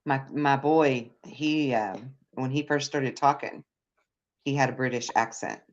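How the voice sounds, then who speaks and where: Low-voiced woman telling rambling stories. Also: a little slow. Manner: rambling storyteller, frequent restarts and laughs. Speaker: podcast host. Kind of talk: casual live chat. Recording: muffled lo-fi audio.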